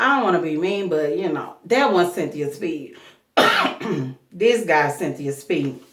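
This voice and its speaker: A woman's voice: lowish voice, roomy sound, far from the mic. A woman giving a casual, gossipy recap of a reality show, talking candidly with a choked-up throat. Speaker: reality TV reviewer.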